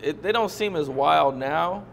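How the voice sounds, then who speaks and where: A man interviewing a guest, nudging the story along with brief questions and quick affirmations. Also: fairly high pitch, gravelly, fairly bright tone, slight background noise. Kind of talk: casual interview.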